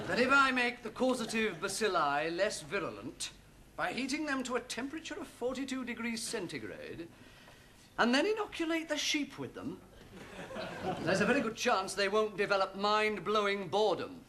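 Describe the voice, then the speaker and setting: An actor playing a bored, sarcastic young doctor who reads a script theatrically, in a 1970s TV sitcom. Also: male voice, high-pitched, very animated, normal speed. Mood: mocking. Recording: noisy old TV sitcom soundtrack.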